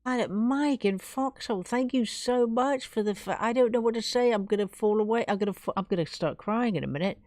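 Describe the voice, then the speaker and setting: A woman's voice: a little high, brisk, few pauses, a little mellow, no echo, clean studio sound. A woman from England hosting her own live stream, chatting casually and gushing her thanks to viewers.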